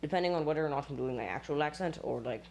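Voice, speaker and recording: Someone from australia who talks american now, just rambling to cam, bit of fry in the voice, faint hum behind. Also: mid-range voice, very fast. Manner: rambling, self-mocking, trails off into asides. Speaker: vlogger. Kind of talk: casual rambling monologue.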